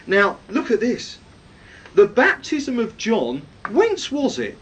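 A man's voice: wildly swooping pitch, slow pace, lo-fi sound. A man preaching a sermon, teaching from the Bible and often asking his listeners questions. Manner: emphatic, rhetorical questions to listeners. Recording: distant mic, faint rumble.

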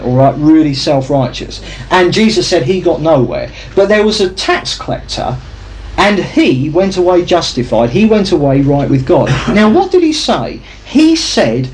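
A man teaching from the pulpit. His voice rises and falls a great deal as he explains and checks that the room is following. Soft room sound hangs faintly behind him. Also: a little high, big pitch swings, normal speed, a little hiss or hum, low-quality recording. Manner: teaching, asks the audience questions. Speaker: preacher. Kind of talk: sermon.

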